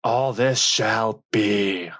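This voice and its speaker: A man voicing a thundering, grief-stricken male god of thunder in an audiobook, booming and declamatory. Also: steady tone, measured pace, a bit bright, dry recording. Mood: stern.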